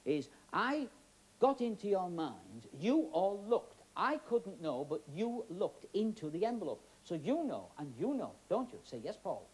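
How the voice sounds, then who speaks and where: A man's voice: high-pitched, big pitch swings, a little slow, darkish tone, breathy edge. A middle-aged man with a Yorkshire accent, a stage magician chatting and joking with volunteers on a TV studio stage. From Yorkshire, England. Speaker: magician host. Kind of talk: stage magic patter with audience. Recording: old TV broadcast with faint hiss.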